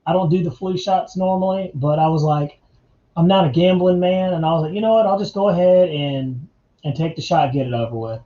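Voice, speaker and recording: A man's voice: on the high side, fairly quick, echoey room, dull audio. A man from North Carolina, hosting a casual live chat, laid-back and chatty and calling his viewers man and dude. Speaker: livestream host.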